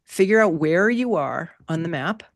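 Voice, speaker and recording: Animated woman teaching an online class. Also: fairly low pitch, normal speed, no room sound, studio quality. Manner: animated, playful, repeats key words. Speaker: workshop teacher. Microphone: video call.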